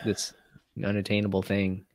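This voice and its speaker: A man in his twenties, a guest musician, telling stories casually with animated, profane energy. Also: fairly low pitch, fairly quick, no room sound. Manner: animated, profane, mimics people in quotes. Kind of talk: casual storytelling chat.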